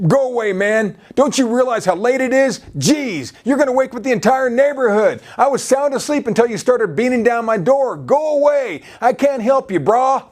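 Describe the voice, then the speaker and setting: A preacher playing a grumpy man woken at midnight who shouts at his friend to go away. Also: extremely high pitch, animated, normal speed, hardly any pauses, pitched above the performer's own voice. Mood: irritated. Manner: shouting, irritated.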